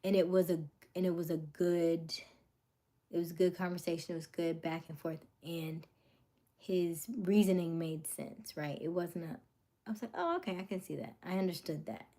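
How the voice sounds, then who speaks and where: Rambling woman livestreamer, slightly low voice. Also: fairly even intonation, moderate pace, dark tone. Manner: rambling, many fillers, drops to whispers and back. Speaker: livestream host. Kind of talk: casual livestream chat.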